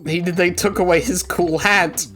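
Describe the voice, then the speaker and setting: A man's voice: sits high, fairly even intonation, normal speed, fairly bright tone. A man chatting casually with a friend during a game stream, jokey and teasing, swearing now and then. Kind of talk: casual chat over gameplay. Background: game music.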